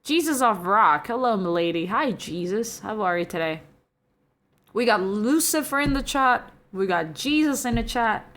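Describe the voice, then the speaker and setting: A young streamer, a woman, chats casually with her viewers and reads out the chat at a normal speed and medium pitch. She's giggly and chatty, her energy rising from soft to excited.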